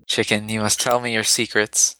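A man's voice: fairly low pitch, level tone, moderate pace, sharp tone, no room sound. A man playing a tabletop game, earnest and playful with his character. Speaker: player. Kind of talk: casual tabletop play.

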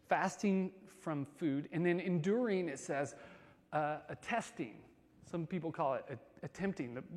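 A man giving a sermon as a pastor, conversational and casual, swinging between loud emphasis and soft, quiet stretches. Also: a little high, in a large hall.

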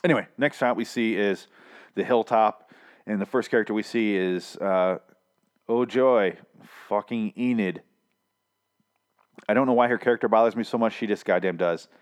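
Hoarse, exasperated man ranting. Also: fairly low pitch, moderate pace, pauses often. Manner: exasperated, profane, repetitive. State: hoarse, losing his voice. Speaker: TV show reviewer. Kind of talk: casual ranting review.

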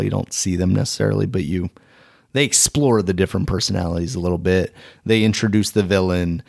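Low-voiced man in easygoing chat. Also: creaky, darkish tone. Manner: easygoing, explains in long run-on sentences. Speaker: podcast co-host. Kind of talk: casual chat.

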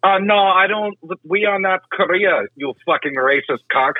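A man voicing a rude male fast-food worker answering the phone, stammering and then abrupt and crude. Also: mid-range voice, little pitch movement, slightly rough, lightly acted. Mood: indignant. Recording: tinny phone line, dry.

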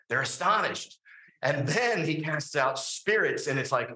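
A man delivers a sermon in a bright, forward voice, leaning on tag questions and filler words as he thinks aloud. His voice rings out in a roomy, echoing sanctuary. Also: mid-range voice, measured pace. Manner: animated preaching with frequent fillers and tag questions. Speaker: pastor.

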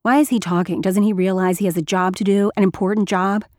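A woman's voice: medium pitch, steady tone, quick pace, darkish tone, no echo, clean studio sound. A woman narrating a first-person story in a wry, intimate way with flashes of anger.

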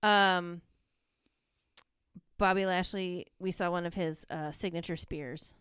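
A woman's voice: fairly low pitch, steady tone, slow pace, fairly bright tone, smooth, no echo, studio quality. A woman co-hosting a podcast in a casual, rambling chat, laughing often. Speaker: podcast co-host.

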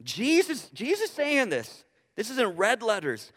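High-voiced pastor preaching in a hall. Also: male voice, measured pace. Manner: animated, rhetorical questions, frequent restarts. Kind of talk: sermon. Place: church sanctuary. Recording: reverberant church hall.

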